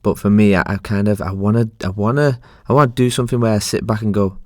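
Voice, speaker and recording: A man with a lowish voice hosts a podcast. His talk is earnest and reflective in casual chat. It is recorded close and dry. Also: fairly even intonation, fast, a little mellow, no echo. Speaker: podcast host.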